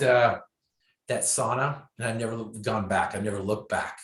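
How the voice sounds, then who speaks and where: Speaking at a normal pace, a man with a lowish, steady, slightly bright voice delivers an inspirational story as a motivational speaker. He repeats key phrases emphatically for effect, and the recording sounds echoey.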